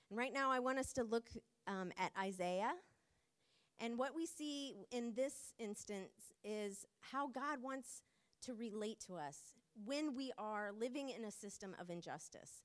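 A woman preaching a sermon in an earnest, measured way, with frequent pauses and fillers. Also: medium pitch.

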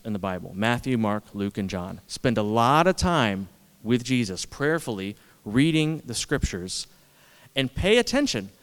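A man delivers a sermon in a relaxed, conversational way, often laughing at himself and leaning on repeated words. His voice is smooth and resonant. The sound carries a long reverb from a large church hall. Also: mid-range voice. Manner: conversational, self-deprecating, repetitive for emphasis. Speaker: pastor.

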